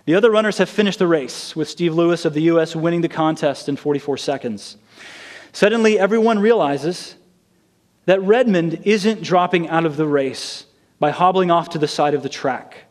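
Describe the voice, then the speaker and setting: Male preacher, earnest sermon storyteller, a touch high-pitched. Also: moderate pace, a little mellow. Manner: earnest storytelling, acting out quoted lines.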